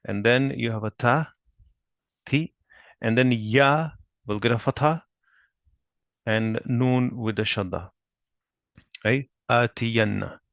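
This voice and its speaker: Guy teaching grammar, patient, keeps asking "right?", bit gravelly, mid pitch. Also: fairly bright tone, dry recording. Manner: patient, checks understanding with frequent "right?"; spells out Arabic terms slowly. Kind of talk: explaining lesson at a whiteboard.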